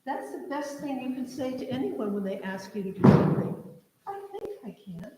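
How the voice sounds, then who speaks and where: A woman telling an expressive children's story during a church service, leading the listeners along. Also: high voice, brisk, background noise. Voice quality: animated, expressive. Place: large church sanctuary. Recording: echoey church hall.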